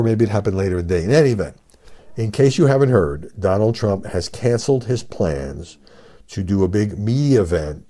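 A man's voice: sits low, dark tone. An older man hosting a solo podcast, giving conversational commentary with fillers and emphatic rhetorical questions. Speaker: podcast host and media commentator.

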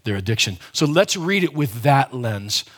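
A man's voice: medium pitch, sing-song, normal speed, fairly bright tone. A man pastor giving a conversational, emphatic sermon, often restarting his sentences as he explains a Bible passage.

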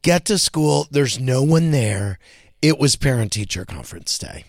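A man hosting a podcast, chatting casually in a gravelly, creaky voice. His pitch swings widely as he tells animated family stories. The sound is close and dry. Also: a little slow, no room sound. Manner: animated storytelling, quoting his son in a higher voice. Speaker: podcast host. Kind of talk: casual chat.

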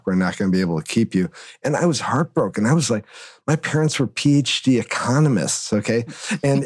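A man from Northern Illinois, a guest on a podcast interview, telling stories in an animated way with big swings in pitch. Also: no echo. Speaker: guest, agency consultant and author.

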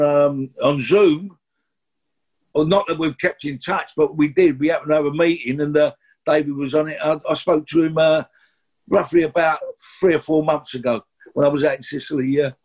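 A man's voice: a little high, a little mellow. A man in his sixties with a London accent, telling rambling, chatty stories in an interview, full of restarts and asides. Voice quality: husky. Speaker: guest actor. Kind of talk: anecdotal interview storytelling.

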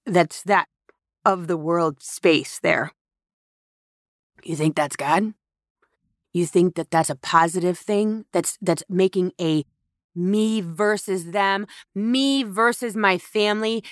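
Slow, emphatic woman podcast host. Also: medium pitch, no echo, clean studio sound. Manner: slow, emphatic, repeats phrases for effect. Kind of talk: reflective spiritual monologue.

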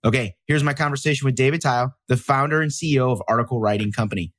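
A male podcast host who talks fast and jokes easily, with a plain, upfront manner. His voice sits mid-range, and the recording is close and dry. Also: mid-range voice, fairly bright tone, dry recording. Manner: upfront, joking, quick-talking. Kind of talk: casual podcast chat.

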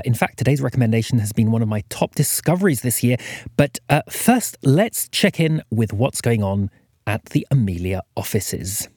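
A man's voice: mid-range voice, mellow, husky, no echo, studio quality. A man hosting a podcast, introducing the episode in a friendly, informal way. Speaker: podcast host. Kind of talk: show introduction.

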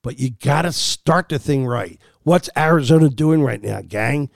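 A man's voice: mid-range voice, lively intonation, measured pace, vocal fry, dry recording, studio quality. A man hosting a sports podcast, arguing his opinions in a heated, emphatic way.

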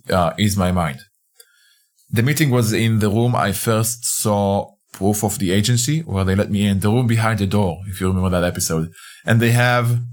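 A man narrating a fiction podcast in the first person, speaking in a conversational, hesitant way with frequent restarts. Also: on the low side.

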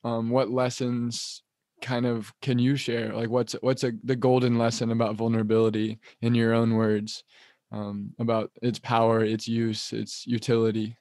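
A male podcast host asking questions in an even, level tone with little melody. His delivery is measured and halting, and the recording is dry and close. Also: mid-range voice, no echo. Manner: measured, hesitant with fillers. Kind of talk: interview questions.

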